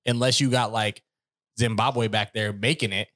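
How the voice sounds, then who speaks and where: A man's voice: on the low side, fairly even intonation, moderate pace, a bit bright, no room sound, clean studio sound. A man co-hosting a casual podcast chat, rambling through his points with jokes and frequent laughs. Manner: rambling, jokey, laughs often.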